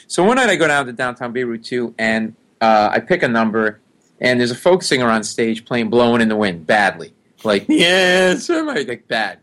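A man's voice: mid-range voice, moderate pace. A middle-aged man telling a long story in a casual interview. He acts out the people he describes. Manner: animated storyteller who acts out the people in his stories. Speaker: guest.

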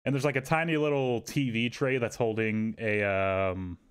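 Podcast co-host, man, mid pitch, casual storyteller who swears and jumps into loud voices for quotes. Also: moderate pace, clean tone. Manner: animated, swearing, acts out quotes in raised voices.

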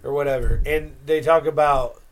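A young man co-hosting a podcast, rambling and swearing as he tells stories excitedly in casual chat. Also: a little high, moderate pace. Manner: rambling, profane, excitable storytelling. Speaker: podcast co-host.

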